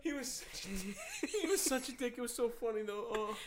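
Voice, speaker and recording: A man's voice: very high-pitched, big pitch swings, moderate pace, noisy background. A young man co-hosting a podcast, telling crude stories to his friends and laughing through them. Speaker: podcast co-host. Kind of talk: casual storytelling among friends.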